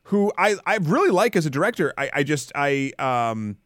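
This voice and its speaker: A man's voice: on the high side, sing-song, moderate pace, a bit bright, dry recording, studio quality. A man co-hosting a film podcast in casual chat, rambling and restarting his sentences and swearing casually. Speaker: podcast co-host.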